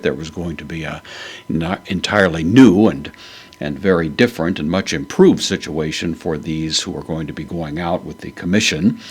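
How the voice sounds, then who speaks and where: A man giving a verse-by-verse Bible lesson, speaking in a measured, halting way with frequent pauses to find his words. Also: very deep voice, husky. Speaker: Bible teacher.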